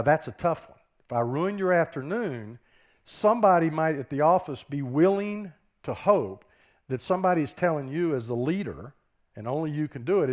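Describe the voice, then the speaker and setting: This conference keynote comes from a Southern US business professor with a mid-range voice and darkish tone. Speaking through a stage microphone, he keeps a conversational style and often checks in with the audience by asking rhetorical questions.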